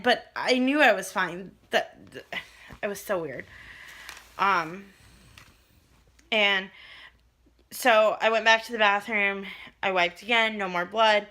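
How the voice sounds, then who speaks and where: Bright-voiced young woman vlogging casually. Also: medium pitch. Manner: chatty, rambling, many ums. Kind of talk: casual pregnancy update vlog.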